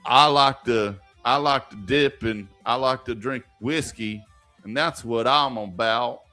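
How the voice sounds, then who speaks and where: A man putting on a laid-back rural hillbilly man with an Appalachian drawl, speaking slowly and lazily. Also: medium pitch, sharp tone, soft background music. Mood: lazy boast. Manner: slow lazy drawl.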